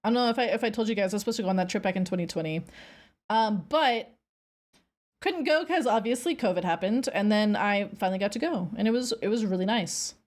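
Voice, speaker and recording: Chatting casually with her viewers at a quick pace, a woman streamer tells a rambling story with plenty of animation. Her voice is mid-range, and she squeals when she gets excited.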